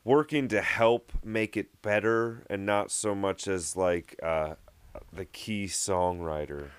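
A man's voice: deep voice, takes it slowly, clean tone, no room sound. A man, a musician guest in a casual interview, joking and playful, who slips into put-on accents.

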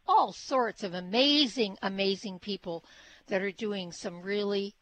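A woman's voice: mid-range voice, unhurried, fairly bright tone, low-quality recording. A woman hosting a radio talk show, speaking enthusiastically and repeating words for emphasis. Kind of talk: casual radio interview hosting.

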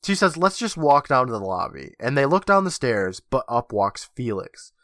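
A man's voice: mid-range voice, normal speed, no room sound, studio quality. A man co-hosting a podcast, recapping an episode scene by scene and acting out the characters' lines. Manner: animated retelling, acting out lines. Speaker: podcast co-host.

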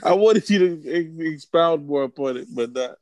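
A man's voice: on the high side, animated, a little mellow, no room sound. Playful man on a podcast. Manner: playful, quick to laugh. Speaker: podcast co-host. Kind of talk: casual chat.

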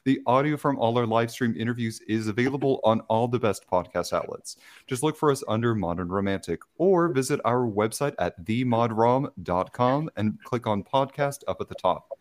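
A man's voice: medium pitch, moderate pace, few pauses. A young adult man hosting a podcast, reading announcements and chatting. He stumbles over words and laughs at himself. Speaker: podcast host. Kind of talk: podcast intro and casual chat.

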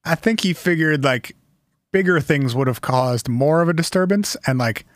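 An easygoing man walks his co-host through a strange story, wry and relaxed in his delivery. His voice sits a little higher than usual for a man and is recorded close and dry. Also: moderate pace, no echo. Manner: easygoing, wry, reads quotes aloud. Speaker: podcast host telling the story. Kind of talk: casual storytelling chat.

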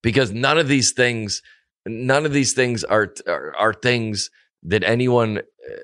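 A low-pitched man holds forth in loose, animated podcast banter, breaking into mocking impressions of the people he talks about. The sound is dry and close, with no room around it. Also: no room sound. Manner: animated ranting, mocking imitations. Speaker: podcast co-host. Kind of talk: casual chat.

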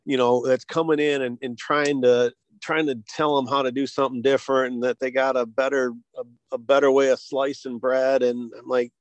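Male guest, American, casual storyteller, mid-pitched, lots of restarts and light laughs, dry close sound. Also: level tone, no room sound. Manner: halting, many restarts and chuckles. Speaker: guest, hearing device company co-founder.

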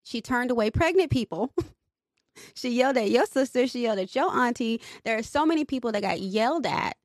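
Animated young woman venting on a podcast. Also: a little high, fairly quick, dry recording, studio quality. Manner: animated, venting, swears freely. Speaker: podcast co-host. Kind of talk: casual chat.

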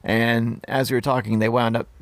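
A man telling a story in casual chat, relaxed and halting with lots of fillers. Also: mid-range voice, no room sound. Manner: relaxed, halting, full of "you know" fillers. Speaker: podcast co-host.

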